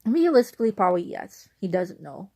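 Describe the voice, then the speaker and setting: A woman's voice: mid-range voice, sing-song, fairly quick, a little mellow. A woman vlogger talking casually to her camera, rambling, with many restarts and asides. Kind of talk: casual reminiscing monologue.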